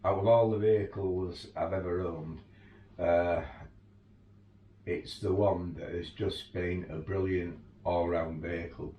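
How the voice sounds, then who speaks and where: A tour guide with a very deep voice tells his stories in a chatty, easygoing way, with the odd laugh. He sits back from the mic, so the sound is roomy. A faint background ambience runs underneath. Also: fairly even intonation, a little slow, recorded from a distance, dull audio, slight background noise. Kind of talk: casual anecdotal storytelling.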